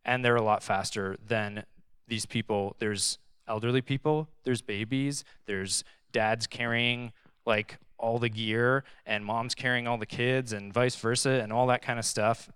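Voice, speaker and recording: A young man giving a casual, conversational sermon, reading scripture and adding animated, sarcastic asides. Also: medium pitch, a little slow, smooth, dry recording, clean studio sound. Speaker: pastor.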